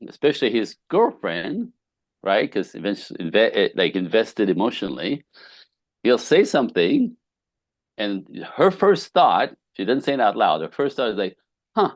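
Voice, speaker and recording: A man's voice: lowish voice, dry recording. A middle-aged man, a podcast guest, telling relationship stories with emphasis and acting out the dialogue. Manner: emphatic storyteller, acts out dialogue, laughs often. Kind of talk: animated conversational interview.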